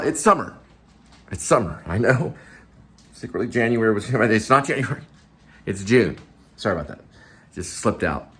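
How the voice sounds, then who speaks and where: A man's voice: lowish voice, a bit bright. A man, an actor and vlogger, chatting in a rambling, casual way and drifting from one topic to the next. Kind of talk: casual vlog chat.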